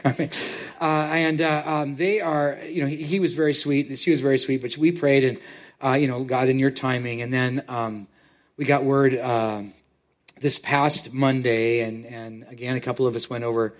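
A man preaching a sermon as pastor to his congregation, talking in a halting way and often repeating words as he tells a story. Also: mid-range voice, fairly even intonation. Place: church sanctuary.

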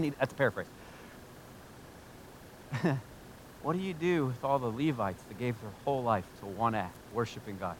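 A man preaching a sermon as pastor, swinging between hushed, intimate talk and loud, fervent exclamations, choked up with emotion at times. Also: medium pitch, normal speed, long pauses, husky. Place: church in Ohio.

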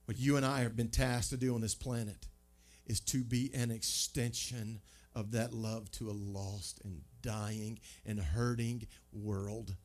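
A pastor preaching a sermon, conversational and emphatic, full of rhetorical questions. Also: male voice, lowish voice, steady tone, unhurried, hardly any pauses, darkish tone, faint music behind.

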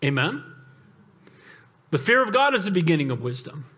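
A male pastor delivers a sermon in a noticeably high voice. He tells stories with animated asides and keeps calling out for amens. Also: normal speed, husky. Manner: animated storytelling with calls for amen.

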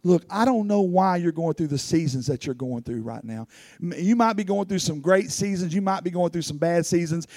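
A man's voice: high voice, fairly quick, darkish tone, no echo, clean studio sound. A man preaching a sermon as pastor, telling personal stories earnestly and rising into fervent pleading.

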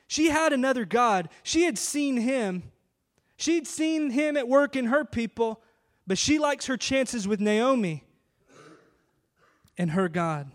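High-voiced man preaching a sermon. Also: animated, unhurried. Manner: emphatic, rhetorical questions. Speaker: pastor.

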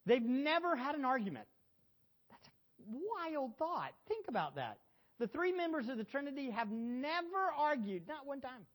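Middle-aged male pastor, high voice, church sermon: loud exhortation down to hushed emotion, quizzing the congregation. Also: sing-song, normal speed. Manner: asks the congregation questions.

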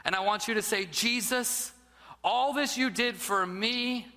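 A pastor voicing a solemn old priest. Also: male voice, sits high, unhurried, pushed and bright, long reverb tail. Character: stern, discerning older male priest.

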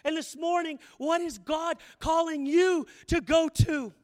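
Impassioned high-voiced male preacher, echoing hall. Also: steady tone, unhurried. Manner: impassioned, swings from hushed to shouted prayer. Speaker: campus missionary preacher. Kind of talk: sermon. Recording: long reverb of a large hall.

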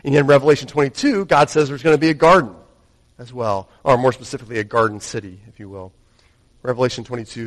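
A male pastor preaching a Sunday sermon, rising to stress points and dropping to a hushed tone. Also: medium pitch, fairly even intonation, quick pace. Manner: dynamic, swings from raised emphasis to hushed intimacy. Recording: long hall reverb.

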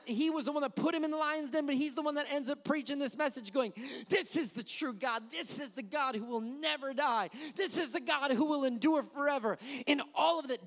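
A man preaching a sermon to a church, building to shouted, drawn-out emphasis. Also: long reverb tail. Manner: impassioned, shouting climaxes, slowing for emphasis; drops to a soft, low near-whisper at the close. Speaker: pastor.

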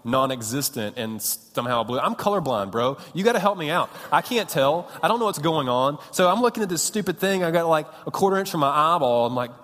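A man in his thirties delivers a sermon through lively, punchy storytelling and pokes fun at himself. His voice sits a little high. A long reverb trails behind him, as in a large hall. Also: fairly quick. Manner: animated storytelling, self-mocking and punchy. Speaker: pastor.

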